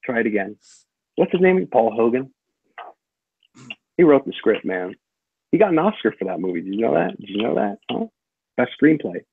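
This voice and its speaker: A man's voice: mid-range voice, very animated, moderate pace, vocal fry, pauses often, slightly rough. A man joining a casual chat as a guest, joking and swearing casually. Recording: tinny phone-like line, dry.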